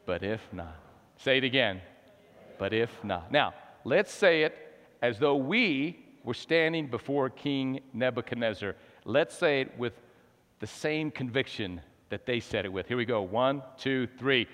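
A man preaching a sermon, swinging between hushed lines and shouted emphasis. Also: medium pitch, expressive, normal speed. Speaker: pastor. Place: church sanctuary. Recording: long hall reverb.

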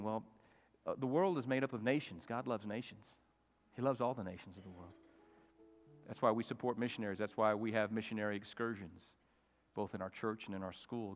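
A man preaches to his congregation in a church sanctuary. His voice sits at a middling pitch, and the hall gives it a long, ringing reverb. He climbs to loud, emphatic peaks and then falls away to soft, hushed asides. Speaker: pastor. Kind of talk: sermon.

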